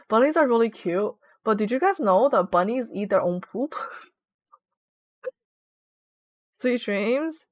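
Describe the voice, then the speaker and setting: A woman streaming a game, chatting casually and giggling as she reads viewer messages aloud. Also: a little high. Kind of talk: casual livestream chat.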